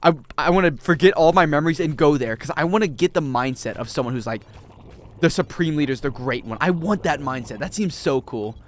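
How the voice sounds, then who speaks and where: A young man streaming a video game, rambling and joking casually with his chat. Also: a little fast. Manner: rambling, joking, animated swings in pitch.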